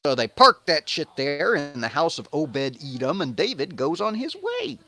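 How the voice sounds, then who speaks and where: A man's voice: on the high side, huge pitch swings, normal speed, sharp tone, faint music behind. A man hosting a casual livestream commentary, sardonic and profane, mocking as he talks. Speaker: host.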